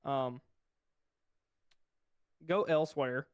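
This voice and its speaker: Male podcast co-host, middle pitch, friendly chatty delivery that speaks to the audience directly. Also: extremely slow, clean tone. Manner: chatty, self-described tech nerd, talks to the audience. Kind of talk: casual chat.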